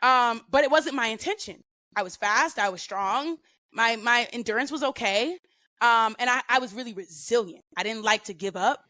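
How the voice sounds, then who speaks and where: A woman guest on a podcast, telling stories in a casual, profane and animated way with lots of slang. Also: a little high, moderate pace, dry recording. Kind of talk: casual storytelling.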